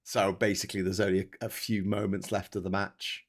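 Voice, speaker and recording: A man hosting a casual live stream, chatty and prone to loud excited bursts. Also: deep voice, fairly quick, vocal fry. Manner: energetic, loud bursts when hyping super chats. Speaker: livestream host.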